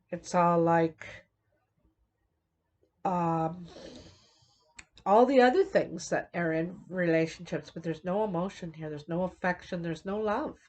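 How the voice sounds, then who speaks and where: Middle-aged woman, tarot reader, low voice, unhurried, rambling delivery with frequent restarts. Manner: slow, meandering, many fillers and restarts. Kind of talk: unscripted tarot reading.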